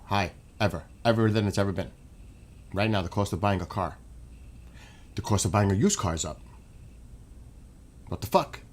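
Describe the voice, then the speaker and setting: A man streaming and ranting in a casual monologue, animated and swearing. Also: medium pitch.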